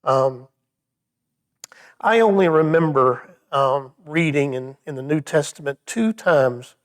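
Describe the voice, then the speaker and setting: A man with a notably high voice teaches a Bible study in church. He speaks conversationally, often restarting his sentences with little stammers, and his voice sinks quiet when he turns thoughtful. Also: slow pace.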